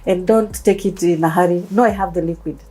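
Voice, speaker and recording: A Kenyan woman in her thirties tells her own story as an interview guest. Her voice sits a little low and mellow, and she brings the people in her story to life as she tells it. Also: fast, poor audio. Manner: animated storytelling, acting out quoted voices. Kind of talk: personal testimony interview.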